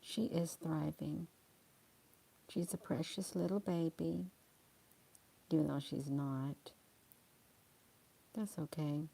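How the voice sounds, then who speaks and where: A middle-aged woman chatting slowly and soothingly with livestream viewers, calling them honey. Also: sits low, steady tone, creaky, mellow, slightly rough. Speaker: livestream host reading viewer comments. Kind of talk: slow casual chat to live viewers.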